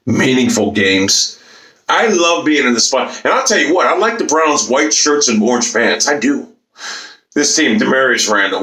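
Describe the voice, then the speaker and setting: A man's voice: mid-range voice, lively intonation, normal speed, sharp tone, slight background noise. A man and YouTuber ranting about football to his camera, profane, boastful and repetitive. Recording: echoey room.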